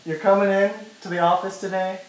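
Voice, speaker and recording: A man's voice: high voice, level tone, brisk. A young man directing a friend through a joking mock audition with short cues. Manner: gives short stage directions. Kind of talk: casual directing. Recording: echoey room.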